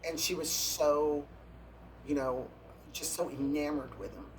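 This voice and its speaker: A man's voice: on the high side, fairly even intonation, unhurried, background noise. A man, a drag performer, telling catty backstage stories in a casual, gossipy interview, breaking into laughs and gasps.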